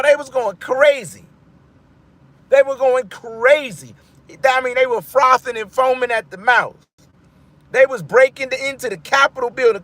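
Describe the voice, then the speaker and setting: A man giving casual commentary to his viewers, rambling and animated, often breaking off mid-thought and restarting. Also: extremely high pitch, normal speed. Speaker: vlogger.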